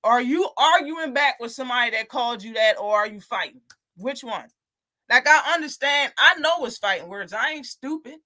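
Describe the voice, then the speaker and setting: Boxing show host going off on a live stream, swears a lot, sharp bright tone, loops back on the same points. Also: mid-range voice, animated, moderate pace. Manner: heated, profane, repetitive. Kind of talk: casual ranting commentary.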